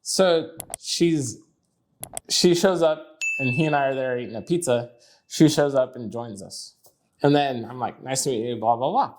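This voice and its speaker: A man's voice: medium pitch, moderate pace, darkish tone, a little hiss or hum. A man co-hosting a podcast, telling dating stories in casual chat. He swears and laughs through his own stories. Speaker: podcast co-host.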